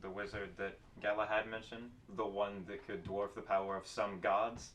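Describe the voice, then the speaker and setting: A man playing a tabletop role-playing game, joking and animated. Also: fairly low pitch, normal speed, recorded from a distance, slight background noise. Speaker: player. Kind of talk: casual tabletop game chat.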